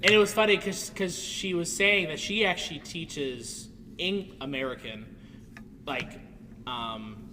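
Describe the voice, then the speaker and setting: A man's voice: on the high side, unhurried, sharp tone. A man co-hosting a podcast for music teachers, telling stories in casual chat with frequent laughs. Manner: laughs often, rambling storyteller. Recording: roomy, distant mic with noise.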